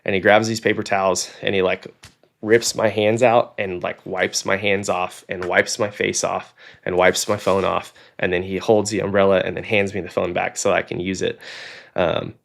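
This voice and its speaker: A man's voice: deep voice, moderate pace, creaky. A young man from Oklahoma, a fighter pilot guest on a podcast, telling a story in a casual way. He acts out the people he quotes and fills his talk with "like" and "um.". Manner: animated storyteller, acts out quoted dialogue, frequent "like" and "um".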